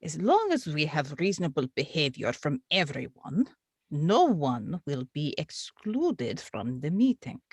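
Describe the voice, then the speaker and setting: Una mujer interpreta a una secretaria de consejo parroquial, educada y firme, con un acento ruso exagerado a propósito. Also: female voice, low-pitched, very animated, a little slow, a little hiss or hum, pitched below the performer's own voice, exaggerated voice. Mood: calm procedural. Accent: deliberately bad Russian accent. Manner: polite, procedural, firm. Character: prim female parish clerk, calm and unyielding. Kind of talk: comic re-enactment.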